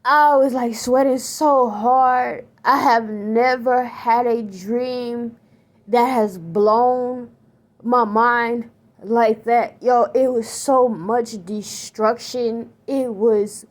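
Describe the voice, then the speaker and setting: A woman telling a dream to her viewers in a casual spiritual testimony, animated and slangy with many fillers, still shaken as she talks. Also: a little high, extremely slow. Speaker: vlogger recounting a dream.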